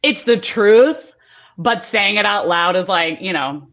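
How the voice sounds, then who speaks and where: A woman's voice: medium pitch, measured pace, fairly bright tone, lo-fi sound. A woman co-host chatting casually, telling rambling stories full of fillers. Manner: rambling storyteller, many fillers. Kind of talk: casual chat.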